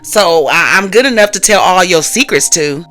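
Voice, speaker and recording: A woman's voice: fairly low pitch, lively intonation, moderate pace, a bit bright, soft background music. A woman voicing a sassy, insistent young woman who is an emotional best friend, as she retells a scene. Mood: distressed.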